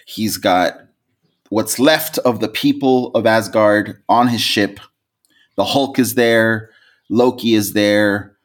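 A male podcast co-host tells a story in loose, unscripted chat. He is animated and swears freely. His voice jumps into high, laughing peaks as he gets into it.

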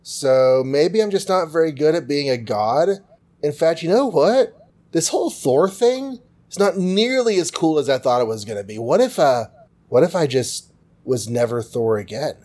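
A man's voice: fairly high pitch, expressive, moderate pace, a little mellow. A man voicing a sulky young thunder god hero who whines in a self-pitying way.

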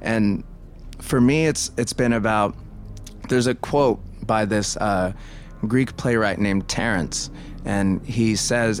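A man giving casual film commentary, thinking aloud and digressing with many restarts. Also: on the low side.

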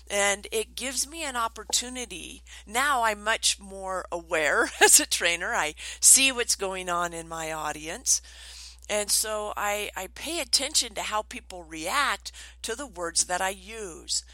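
Middle-aged woman, trainer, lively storyteller, bright and forceful tone, dry close sound. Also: mid-range voice, dry recording, rough recording. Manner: animated, acts out quoted voices. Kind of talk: storytelling talk.

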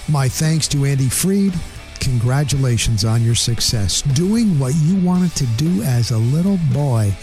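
A man's voice: mid-range voice, animated, a little slow, warm tone, soft background music. Blunt, rambling middle-aged male podcast host. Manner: blunt, chatty, rambling with restarts. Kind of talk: casual solo outro monologue.

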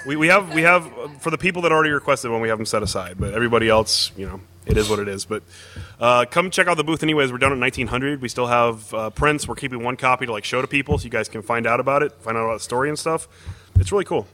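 A man's voice: medium pitch, very fast, pushed and bright. A man hosting a casual panel chat, upbeat and often laughing. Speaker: host. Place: convention booth panel.

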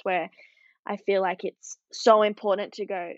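A woman's voice: medium pitch, level tone, unhurried, dry recording. A young woman with an Australian accent, a professional surfer chatting casually as an interview guest, upbeat and full of "like" fillers. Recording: dull, dry lo-fi recording.

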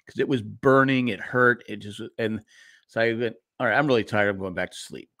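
A man's voice: on the low side, brisk, fairly bright tone, no room sound, clean studio sound. A middle-aged man co-hosting a podcast, rambling through a story in casual chat with restarts and laughs. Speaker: podcast co-host.

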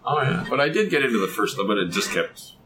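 An older man chatting as a podcast guest, a relaxed storyteller who chuckles as he talks. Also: mid-range voice, fast talker, low-quality recording. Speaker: guest, father of a co-host. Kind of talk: casual podcast chat.

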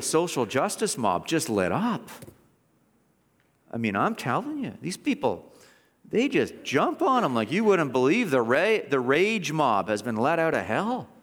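A man preaching an expository sermon, animated and mocking, with frequent restarts and sarcastic asides. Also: on the high side, big-room sound.

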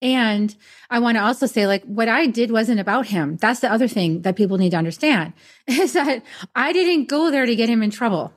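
A woman's voice: a little high, brisk. A woman in her fifties hosting a podcast conversation, talking in an earnest, emphatic way. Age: 50s. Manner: earnest and emphatic, speaking up for herself. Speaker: podcast host. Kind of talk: casual conversation.

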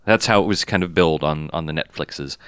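A man's voice: very deep voice, a little fast, a bit bright, clear, resonant tone, no room sound, clean studio sound. A man hosting a casual movie chat, rambling with lots of ums and cheerful swearing. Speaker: podcast host.

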